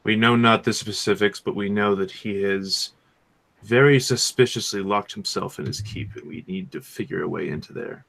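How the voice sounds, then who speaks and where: A mischievous adventurer speaks low and measured, and his gravelly, bright voice urges calm while it stirs up anger, as a player voices him. It is a tabletop game character who is plainly scheming. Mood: persuasive. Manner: hesitant, many fillers and restarts before speaking in character. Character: smooth-talking male adventurer Nikobar, scheming.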